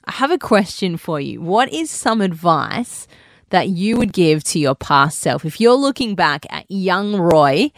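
A woman's voice: lowish voice, big pitch swings, measured pace, no echo. A young adult woman hosting a radio show, friendly and upbeat as she interviews a guest. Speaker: radio host. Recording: dry studio, faint music behind.

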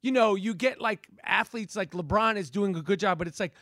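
Excitable high-voiced male guest. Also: fairly quick, dry recording, clean studio sound. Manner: excitable, rambling, profane. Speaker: podcast guest. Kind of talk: casual interview chat.

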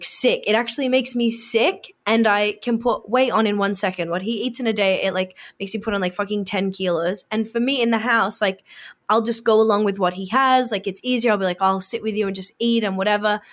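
A young woman chatting casually as a podcast co-host, animated and laughing often. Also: mid-range voice, a little fast. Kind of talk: casual chat.

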